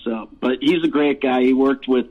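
This musician guest, a man in his fifties, speaks in a mid-range voice at a moderate pace. He rambles through profane, laugh-filled stories in a casual storytelling interview heard on a tinny line that sounds like a phone.

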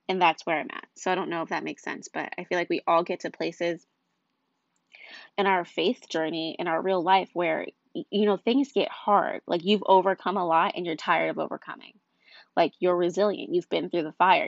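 A woman's voice: lowish voice, steady tone, normal speed, gravelly, dry recording, dull audio. Tired, earnest young woman confiding. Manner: earnest, rambling, confessional. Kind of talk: candid faith talk.

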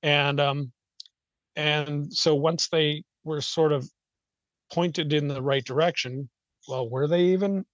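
A man's voice: fairly high pitch, no echo, muffled recording. A man explaining at length in loose, unscripted talk, hesitant and rambling, with many fillers and restarts. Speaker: guest.

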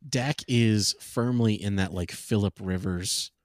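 A man co-hosting a sports podcast, joking in quick banter. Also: fairly low pitch, dry recording, studio quality. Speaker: podcast co-host. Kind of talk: casual sports podcast chat.

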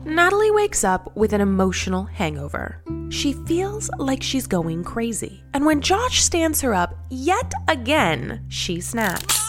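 A woman's voice: high voice, wildly swooping pitch, unhurried, music in the background. A woman reading scripted podcast narration in a dramatic, suspenseful storytelling manner.

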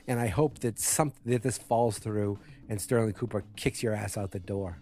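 A man with a somewhat low voice talks through a TV episode in a loose, rambling way. He stacks up fillers, corrects himself mid-sentence and drops blunt opinions without holding back. Faint music sits underneath his voice. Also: normal speed, few pauses, warm tone. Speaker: TV episode recapper. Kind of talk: casual spoken recap.

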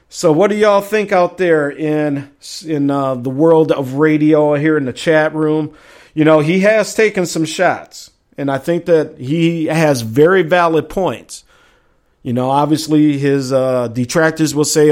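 A middle-aged man runs his own sports talk show. His voice sits a touch high, and he keeps it chatty and exclamatory, throwing in slang as he goes. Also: measured pace, a little mellow. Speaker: sports podcast host.

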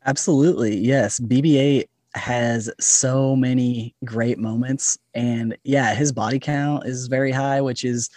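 Male podcast guest, mid-pitched, eager and chatty, dry recording. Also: steady tone, unhurried, few pauses, a little mellow, no echo. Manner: enthusiastic, chatty, laughs often. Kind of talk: casual podcast chat.

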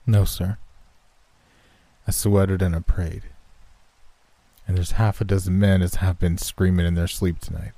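A frightened prison warder in a spoken horror story answers with a respectful tremor, as a man reads him. His voice is very deep, dark and husky, captured dry and close. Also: flat delivery, measured pace, long pauses, dry recording. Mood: shaken. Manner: trembling, respectful. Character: shaken male prison warder.

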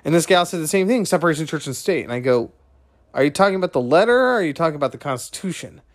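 A man's voice: fairly high pitch, animated, racing. A man hosting a podcast, talking through his views in a rambling, conversational monologue that keeps digressing. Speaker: podcast host. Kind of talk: casual monologue.

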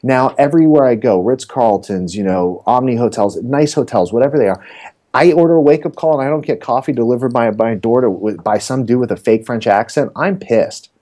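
A man's voice: medium pitch, brisk. A middle-aged man, a real estate coach, telling stories and joking in a casual interview. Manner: animated, joking storyteller.

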